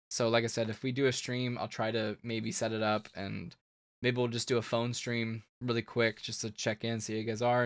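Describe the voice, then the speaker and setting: A man's voice: mid-range voice, fairly bright tone. A man hosting a comics live stream, chatting loosely and ranting to his viewers. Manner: loose, ranting, laughing, talks to chat. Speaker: comics show host. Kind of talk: casual live-stream wrap-up.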